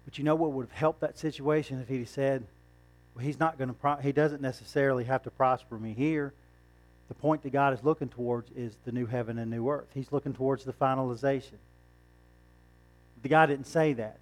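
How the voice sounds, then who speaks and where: A man's voice: medium pitch, steady tone, a little fast, soft background music. A man preaching a sermon in a conversational way, asking rhetorical questions and chuckling now and then.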